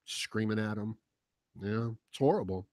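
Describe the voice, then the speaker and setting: A man's voice: on the low side, unhurried, darkish tone, dry recording. A man hosting a heated, profane commentary monologue, mocking the voices he quotes. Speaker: political commentary host. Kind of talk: casual monologue.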